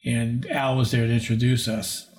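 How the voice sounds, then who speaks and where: A man's voice: mid-range voice, level tone, moderate pace, a little mellow. A man in his sixties, a paranormal investigator, telling a rambling story in an interview and acting out the people he quotes. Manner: rambling, acts out quoted voices.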